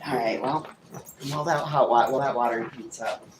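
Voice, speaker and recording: A man's voice: medium pitch, a little fast, very noisy. A man vlogging a casual morning chat at a farm house, talking bluntly to his animals and swearing freely.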